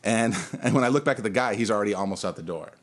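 A man's voice: on the low side, fast. A man, a bartender and podcast co-host, telling a story in a candid, profane, casual way. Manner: candid, profane, laughing now and then.

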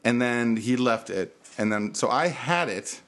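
A man hosting a podcast, telling a story in casual chat and acting out the people in it with big jumps in his voice. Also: unhurried. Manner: animated, acts out quotes with big pitch jumps. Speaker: podcast host.

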